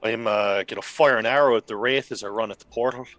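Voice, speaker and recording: A man's voice: lowish voice, quick pace, a bit bright, dry recording. A man playing a tabletop game, talking casually with a slight stammer. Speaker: player.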